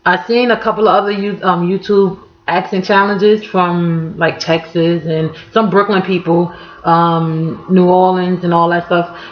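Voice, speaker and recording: A woman's voice: fairly low pitch, steady tone, unhurried. A young woman from Harlem with a New York accent, talking casually and profanely to camera in a vlog. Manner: casual, profane, laughing slang-heavy storytelling. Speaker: vlogger. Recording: echoey room, dull lo-fi sound.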